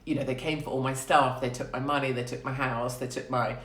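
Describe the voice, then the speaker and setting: A woman's voice: very deep voice, steady tone, brisk. A woman in her forties talking in a casual live-stream monologue, blunt, sweary and often laughing. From United Kingdom. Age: 40s. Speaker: host. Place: room in quarantine. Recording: roomy echo.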